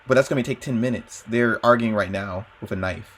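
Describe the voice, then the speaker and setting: A young man playing a tabletop game, quick and joking. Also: fairly low pitch, a bit bright, slight background noise. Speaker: player. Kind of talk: casual tabletop play.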